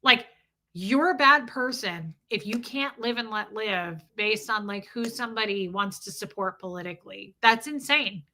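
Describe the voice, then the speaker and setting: A woman's voice: medium pitch, moderate pace, sharp tone. A middle-aged woman hosting a casual livestream, chatting bluntly, swearing freely and reading viewer comments aloud. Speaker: livestream host.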